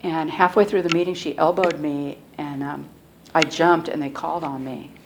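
A middle-aged woman sharing her recovery story at a meeting, soft-spoken and halting, often restarting her sentences. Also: sits low, fairly even intonation. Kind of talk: personal recovery testimony. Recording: clear background noise and clicks.

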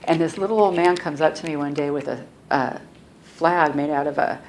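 Low-pitched middle-aged woman, soft and halting, sharing her recovery story; recording has audible noise. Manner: soft-spoken, halting storytelling with frequent restarts. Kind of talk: personal recovery testimony. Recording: clear background noise and clicks.

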